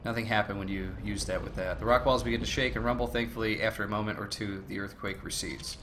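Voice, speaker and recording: A man hosting a let's play, reading game text aloud between relaxed, casual remarks. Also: on the low side, fast, background noise. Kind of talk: casual gameplay commentary.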